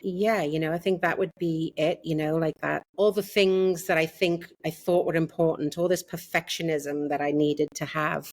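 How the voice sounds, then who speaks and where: Scouse lady in her 60s, low voice, lots of "you know", dry close sound. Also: fairly even intonation, normal speed, hardly any pauses, a little mellow, no room sound. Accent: Liverpool. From Liverpool, England. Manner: chatty, many fillers like "you know". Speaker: podcast guest, interior designer. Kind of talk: casual interview chat.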